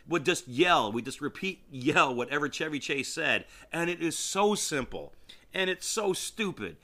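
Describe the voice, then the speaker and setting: A man's voice: a little high, expressive, measured pace, bright, forceful tone. A man hosting a solo podcast, talking in a casual, rambling and enthusiastic way, often restarting his sentences. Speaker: podcast host.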